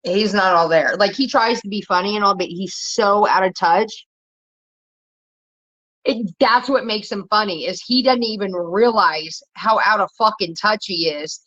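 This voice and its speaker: Solo woman vlogger, blunt cussing rant, pitch jumps when heated, muffled lo-fi sound. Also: measured pace, fairly bright tone. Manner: blunt, profane, rambling, rising pitch when worked up. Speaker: commentary vlogger. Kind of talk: casual ranting commentary.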